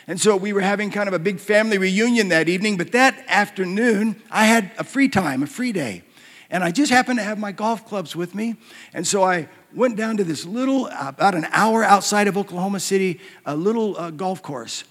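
Male pastor, slightly high voice, story-driven sermon with hushed and emphatic swings, long hall reverb. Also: brisk. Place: church hall.

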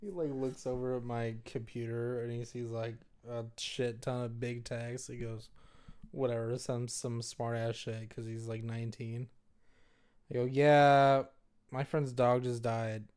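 A man co-hosting a podcast in casual chat, throwing in dry wisecracks and deadpan interjections. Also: mid-range voice, measured pace, clean tone. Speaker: podcast co-host.

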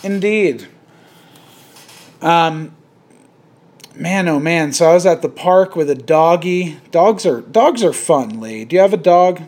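A man's voice: a little high, animated, takes it slowly, pauses often, a little mellow. A man hosting a casual podcast chat, rambling with many restarts and frequent laughter. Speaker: podcast host.

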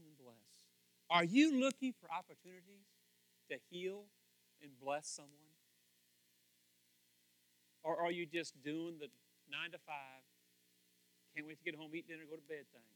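A man preaching a lively sermon, swinging from hushed asides to loud excited bursts and laughing often. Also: on the high side, moderate pace, no echo. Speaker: pastor.

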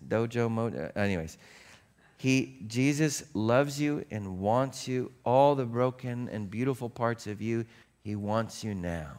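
Male pastor, casual sermon, chatty and humorous, mid-pitched voice. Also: clean tone. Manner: conversational, joking, storytelling.

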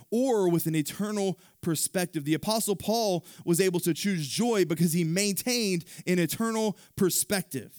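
A man's voice: fairly high pitch, a little mellow, no room sound, studio quality. A man pastor preaching a sermon in a conversational manner, with asides to the congregation.

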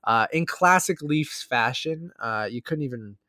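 A man's voice: medium pitch, lively intonation, measured pace, bright, forceful tone, dry recording, clean studio sound. A man in his thirties with a Canadian accent, co-hosting a casual podcast and rambling with many fillers and restarts. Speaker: podcast co-host. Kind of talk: casual chat.

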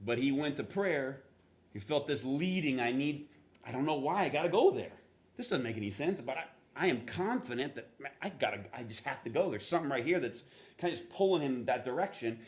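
Animated male pastor telling a story. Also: a little fast. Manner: animated, acts out quotes with jumps in pitch; self-deprecating asides. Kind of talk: sermon storytelling.

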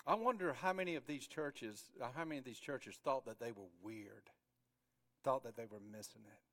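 A middle-aged male pastor preaching a sermon, animated, acting out quoted voices with many restarts and repetitions. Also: mid-range voice, moderate pace.

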